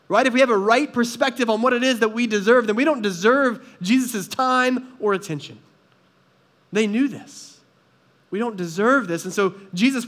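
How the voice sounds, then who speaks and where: Guy with a pretty high voice giving a sermon, chatty and earnest, lots of questions to the crowd. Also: a bit bright. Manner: earnest conversational preaching, rhetorical questions. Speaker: pastor.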